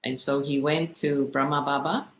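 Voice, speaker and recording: A woman, a spiritual teacher, telling stories in a gentle, reflective way and asking her listeners questions. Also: low-pitched, fairly even intonation, moderate pace. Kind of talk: storytelling talk. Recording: echoey room with faint noise.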